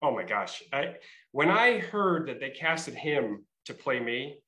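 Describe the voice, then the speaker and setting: Bright-voiced trooper with a New England accent. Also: male voice, medium pitch, very animated, slow, echoey room, poor audio. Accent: Massachusetts and Rhode Island. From Massachusetts. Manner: chatty storyteller, many fillers and restarts. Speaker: state trooper, interview guest. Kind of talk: casual interview.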